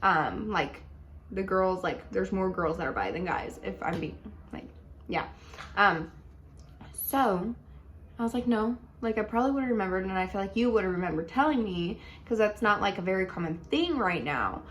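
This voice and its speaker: A young woman casually telling a dating story at home in a chatty, animated way, full of likes and ums. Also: medium pitch, moderate pace, slight background noise. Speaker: vlogger.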